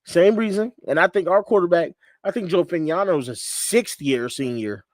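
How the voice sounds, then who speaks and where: A man's voice: high-pitched, normal speed, no echo, studio quality. A man from Connecticut hosting a casual sports chat show, laid-back and repeating himself, laughing often. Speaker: podcast host. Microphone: studio mic on a livestream.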